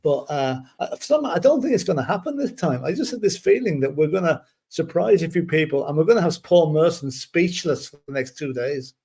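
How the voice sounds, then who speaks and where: A man co-hosting a casual fan chat show, speaking in a measured, agreeable way with halting restarts. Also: on the high side, expressive, darkish tone, breathy edge. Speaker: co-host of a fan channel show.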